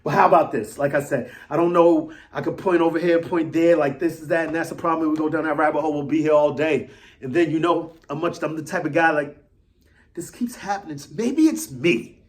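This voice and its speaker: Rambling, animated man fan vlogger. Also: fairly high pitch, fairly quick. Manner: rambling, animated, repeats himself, swings loud and soft. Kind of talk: casual solo commentary.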